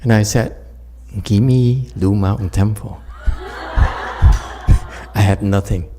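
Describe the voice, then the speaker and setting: Slow and warm, with a fairly low pitch and fairly even intonation, a man delivers a casual dharma talk as a Buddhist meditation teacher. He tells jokey stories, laughs a lot, and speaks right to his listeners.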